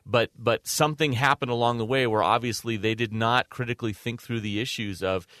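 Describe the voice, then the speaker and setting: A man's voice: mid-range voice, fairly even intonation, brisk, fairly bright tone, no room sound, clean studio sound. A man co-hosting a radio talk show, chatting conversationally and teasing with mock questions.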